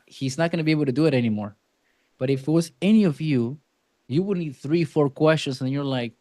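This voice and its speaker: A man coaching a sales team, speaking bluntly and emphatically in casual, animated bursts. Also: on the high side, moderate pace, pauses often, no room sound. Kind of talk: coaching a role-play session.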